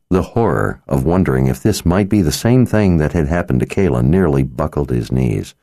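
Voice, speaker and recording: A man reading fantasy narration in a measured, dramatic way, slowing down for grim details. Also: extremely low pitch, mellow, no echo, clean studio sound. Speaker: audiobook narrator.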